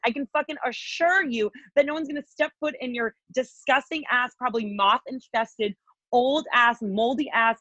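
A woman's voice: on the high side, moderate pace, pushed and bright, no echo, muffled recording. A woman co-hosting a podcast, ranting heatedly with constant swearing and filler likes. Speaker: podcast co-host. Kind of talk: angry political rant.

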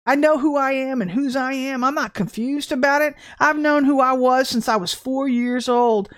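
A woman with a fairly high voice preaches her testimony straight to the camera. She is emphatic and animated, bursting out suddenly and dropping to quick asides. She acts out the people she quotes as she goes. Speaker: online prophetic minister. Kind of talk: impassioned spoken testimony to camera. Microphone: camera mic, speaking to camera.

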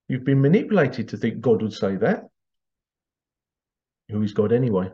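A man's voice: mid-range voice, sing-song, takes it slowly, pauses often, highs cut off. A man hosting a podcast, talking in a loose, rambling monologue with frequent restarts and laughs. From Britain. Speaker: podcast host. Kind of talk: casual monologue.

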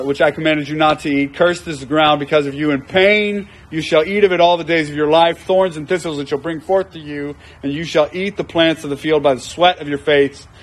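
A man preaching a conversational sermon, acting out quoted voices and repeating lines for emphasis. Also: on the high side. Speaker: pastor.

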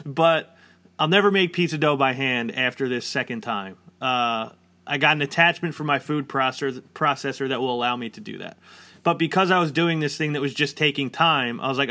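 A man's voice: mid-range voice, moderate pace, bright, forceful tone. A man around forty chatting casually and rambling, with lots of "like" fillers. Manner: rambling, heavy use of "like" fillers. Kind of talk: casual chat.

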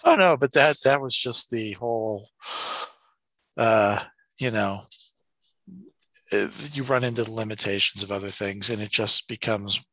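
A man talking in a bright, forceful voice that sits close and dry on the mic. He co-hosts a casual podcast and tells animated stories, working himself into rants with some profanity. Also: lowish voice, measured pace, long pauses, no echo. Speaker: podcast co-host. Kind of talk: casual chat.

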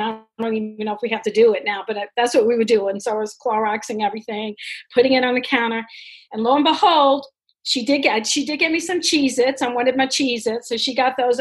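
Middle-aged woman, high voice, lively anecdote teller who laughs through it. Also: breathy edge, rough recording. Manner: animated, laughs often. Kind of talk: casual storytelling.

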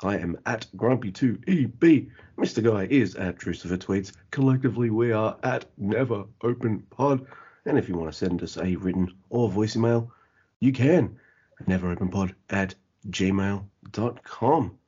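A man's voice: lowish voice, moderate pace, mellow, breathy edge, lo-fi sound. A man hosting a casual podcast, joking and laid-back as he runs through plugs and news. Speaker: podcast host.

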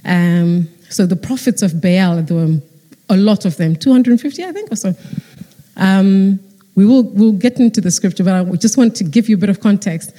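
A woman preaching a sermon, retelling a story in lively fashion and acting out the characters. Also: medium pitch, moderate pace. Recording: long hall reverb.

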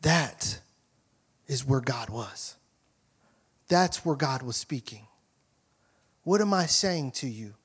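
A male pastor delivering an emphatic sermon, swinging from loud questions to soft asides. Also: medium pitch, animated, slow pace, pauses often, slightly rough.

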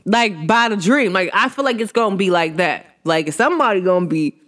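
A chatty spiritual reader gives a casual energy reading straight to the listeners. The voice sits in a middle pitch but swings widely up and down, with drawn-out hums between thoughts and sudden high jumps into laughter. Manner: chatty and animated, addresses listeners directly.

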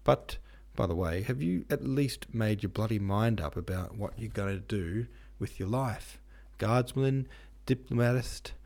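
A cold, weary young prince from a storybook, as a narrator puts him on in his low voice. He speaks curtly and tersely. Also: a little slow, gravelly, darkish tone. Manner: curt, cold.

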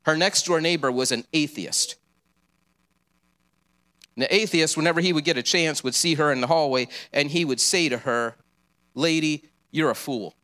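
A man's voice: a little high, normal speed, long pauses, pushed and bright. A man preaching a sermon, earnest and encouraging, with casual asides.

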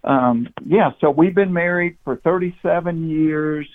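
A man's voice: fairly high pitch, a little slow. A man in his fifties with a thick Southern Georgia accent, telling stories easily as a guest in a casual interview and laughing often. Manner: easygoing storyteller, laughs often, repeats words when starting. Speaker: comedian guest. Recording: tinny phone line.

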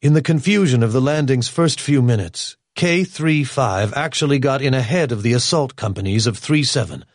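A man reading historical background narration in an even, informative way. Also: mid-range voice, normal speed, hardly any pauses, no room sound, clean studio sound.

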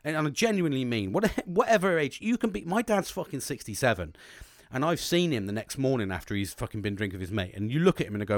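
A man in his forties talks openly in a rambling, sweary monologue. His voice rises and falls a lot, with a medium pitch. The sound is close and dry. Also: very animated, fast, no echo. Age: 40s. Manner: sweary, rambling, emotional openness. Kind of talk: candid casual monologue.

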